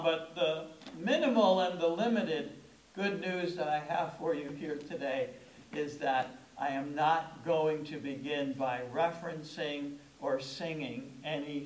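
Male pastor, high voice, conversational sermon delivery, echoey sanctuary. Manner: conversational preaching with shifting emphasis.

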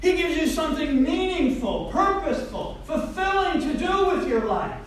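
A man preaching a sermon as pastor, emphatic and swinging between loud declarations and quiet asides. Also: very high-pitched, lively intonation, moderate pace, slight background noise. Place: church sanctuary. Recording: very echoey, distant mic.

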